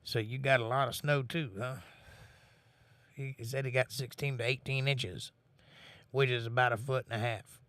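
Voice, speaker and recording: A man's voice: medium pitch, fairly even intonation, moderate pace, pauses often, a bit bright, dry recording. A man hosting a casual livestream, reading viewer comments aloud in a laid-back, folksy way and swearing now and then. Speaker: livestream host.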